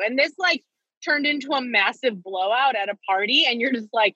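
Young woman podcast cohost gushing thru a story, high voice, kinda dull lo-fi sound. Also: moderate pace, sharp tone, breathy edge, no echo. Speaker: podcast co-host. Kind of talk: casual chat.

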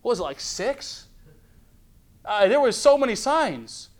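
This pastor's voice is very high and very animated, yet his delivery is unhurried. Preaching a midweek Bible study in church, he reads passages aloud, questions the congregation, and dramatizes little scenes, restarting frequently as he goes. Rhetorical questions and theatrical asides run through his sermon.

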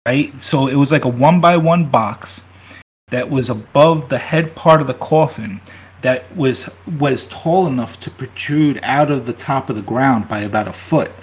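A man's voice: medium pitch, a little slow, slightly rough. A man co-hosting a casual podcast, telling jokey stories and laughing often. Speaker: podcast co-host. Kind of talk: casual chat.

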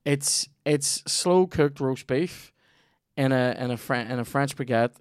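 A man's voice: medium pitch, measured pace, clear, resonant tone, no room sound, studio quality. A Northern Irish man hosting a podcast, rambling through a profane, jokey sponsor read. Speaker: podcast host. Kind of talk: sweary comedic ad read.

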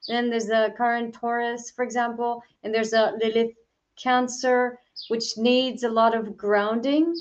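A woman's voice: a little high, little pitch movement, unhurried, muffled recording. A woman co-hosting a live online show over a video call, talking astrology in a hesitant way with many fillers. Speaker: astrologer and co-host. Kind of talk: casual chat on a video call.

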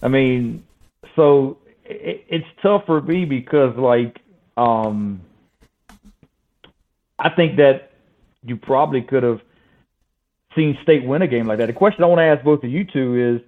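A man's voice: mid-range voice, unhurried, long pauses. Man, podcast guest, casual talk, filler-heavy, tinny phone sound. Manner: conversational, hedging with fillers. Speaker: guest sports writer. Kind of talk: casual sports podcast chat.

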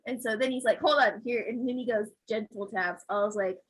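Husky woman telling a lively story. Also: a little high, quick pace, poor audio. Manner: animated storyteller, acts out voices, laughs often. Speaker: physical therapist. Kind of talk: casual chat, telling a story.

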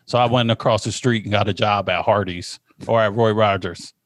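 A man's voice: lowish voice, fairly even intonation, a little fast, dry recording, studio quality. A man hosting a podcast, telling stories in casual, profane, laid-back chat. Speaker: podcast host.

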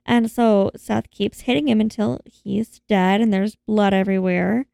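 A woman's voice: medium pitch, steady tone, a little slow, vocal fry, dark tone, no echo, studio quality. A woman in casual chat, recapping a film and animatedly acting out the characters' lines in voices. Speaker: podcast co-host recapping a film.

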